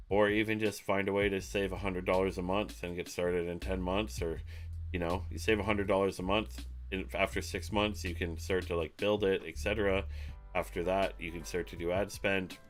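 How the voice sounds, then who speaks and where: An online marketing streamer with a low voice sounds pushed and bright as he talks casually on a live stream. He rambles, cracks jokes, and swears now and then.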